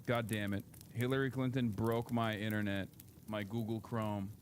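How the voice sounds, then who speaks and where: A man's voice: on the low side, flat delivery, normal speed, a little hiss or hum. A man hosting a live stream with casual, sarcastic, profane commentary that often rambles. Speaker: streamer host.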